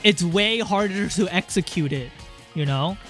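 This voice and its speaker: A man's voice: high voice, measured pace, fairly bright tone, soft background music. A young man streaming a game in casual chat, rambling, swearing and reading game lines aloud.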